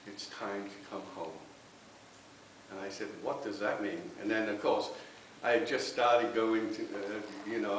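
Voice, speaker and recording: A reverend giving an earnest spiritualist sermon with personal testimony, often checking in with the congregation. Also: male voice, medium pitch, fairly bright tone. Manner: earnest, tag questions with okay. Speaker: reverend speaking at a spiritualist church. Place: church hall. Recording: very echoey hall, distant mic, faint hiss.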